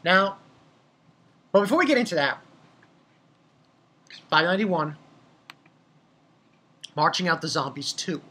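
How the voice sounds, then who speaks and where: A young man casually reviewing a comic chapter, rambling and excitable, swearing freely and laughing at his own jokes. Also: a little high, unhurried, pauses often, husky. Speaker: manga reviewer.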